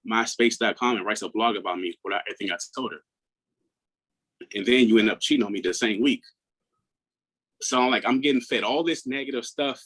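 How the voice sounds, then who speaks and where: A man in his thirties from Maryland, a guest on an interview who speaks earnestly and reflectively, often dropping into a hushed tone. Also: on the low side, rough recording. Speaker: guest, mental health coach. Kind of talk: personal storytelling in an interview.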